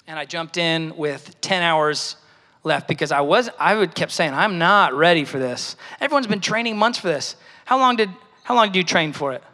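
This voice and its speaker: A man preaches a personal testimony in a relaxed, storytelling way, often acting out what others said. His voice sits high and sounds bright and forceful. The sound carries the long reverb of a large church hall. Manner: storytelling, conversational, acts out quoted voices. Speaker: speaker at a church service.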